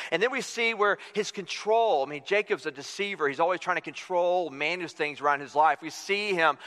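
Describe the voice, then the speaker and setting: A man in his forties preaching a sermon, telling stories with lively acted-out quotes. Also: big-room sound. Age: 40s. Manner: animated storytelling, acting out quotes with big pitch swings. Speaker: pastor. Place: church sanctuary.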